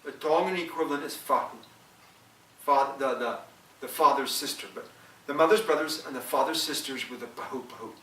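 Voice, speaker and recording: Give me a halting, repetitive male storyteller with a bright voice, recorded from a distance in a roomy space. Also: medium pitch. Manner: repetitive, halting, explains old customs. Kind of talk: oral storytelling of a legend.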